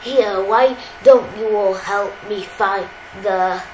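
A woman's voice: mid-range voice, takes it slowly, a little mellow, lightly acted. A woman voicing a puzzled, grumbling male theme-park security guard with a made-up accent, for a game playthrough. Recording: roomy echo, faint background hiss.

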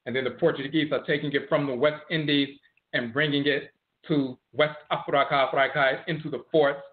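A man giving a lecture on history and word origins, slowly explaining, repeating and spelling out terms. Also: a little high, steady tone. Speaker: teacher of ancestral religion. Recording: tinny phone-like audio.

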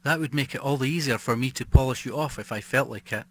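A man reading the part of a calm, cold middle-aged wife who plots a poisoning, speaking quietly and primly. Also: mid-range voice, fast talker, slight background noise, close to an everyday voice.

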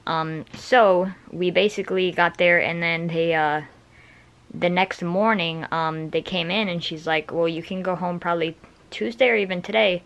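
A man's voice: sits high, steady tone, normal speed, fairly bright tone, low-quality recording. A young man vlogging casually from a hospital room, tired after surgery, rambling with many fillers and restarts. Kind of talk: casual vlog chat.

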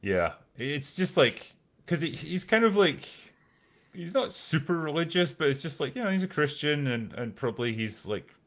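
A man's voice: on the high side, normal speed. A man hosting a casual online chat show, reading out viewer messages and chatting in a loose, filler-heavy way. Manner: relaxed, hesitant with many fillers.

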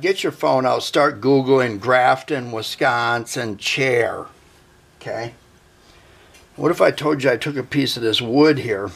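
In a workshop how-to vlog, a man who builds guitars and hosts the channel talks viewers through his work in a folksy, joking manner. His mid-range voice is creaky with a breathy edge.

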